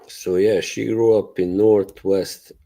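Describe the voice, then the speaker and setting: A man's voice: fairly low pitch, little pitch movement, slow pace, creaky, mellow. A man hosting a casual live stream, rambling loosely, swearing and laughing as he talks to his chat. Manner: greets and answers chat viewers. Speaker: livestream host.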